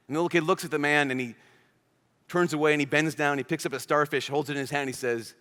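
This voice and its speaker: A man's voice: on the high side, steady tone, fast talker, sharp tone. A man preaching a homily at a youth conference, telling stories animatedly and acting out the characters he quotes. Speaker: priest. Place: large conference hall. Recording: reverberant large hall.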